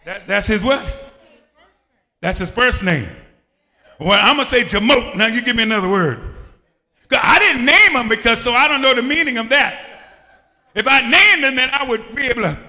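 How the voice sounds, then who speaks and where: A man preaching in a church, moving between shouted, sing-song bursts and quieter talk, leading the congregation in call and response. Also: very high-pitched, animated, moderate pace, long pauses. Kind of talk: lively sermon with call and response. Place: church hall. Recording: long church-hall reverb.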